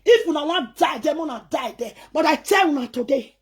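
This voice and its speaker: Speaking fairly quickly in a high voice with lively intonation, a woman with a Nigerian Pidgin accent rants angrily to camera. She scolds defiantly, hammering her points home through emphatic repetition.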